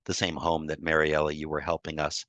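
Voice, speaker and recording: A man speaking on a video call, telling a personal story in a group talk, emotional and halting, with a tearful edge and many restarts. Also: extremely low pitch, completely flat delivery, fairly bright tone, dry recording. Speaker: guest speaker on grief.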